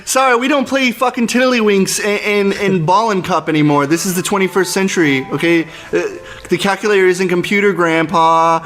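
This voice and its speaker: A man's voice: high-pitched, steady tone, fairly quick, few pauses. A man playing a brash, crude young guy who jeers at an old man. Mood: jeering. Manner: loud, jeering and crude.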